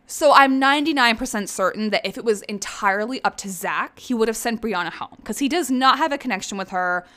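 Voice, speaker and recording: A woman's voice: on the high side, a little fast, pushed and bright. Chatty, profane young woman podcaster. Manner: chatty, profane, sarcastic, acts out quotes in mimicking voices. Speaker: podcast host. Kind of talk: casual solo podcast commentary.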